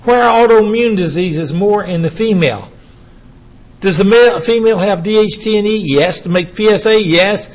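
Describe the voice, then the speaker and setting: A man's voice: high voice, normal speed. Older man lecturing with emphatic rhetorical questions. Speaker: urology professor giving a lecture. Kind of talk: academic lecture to an audience.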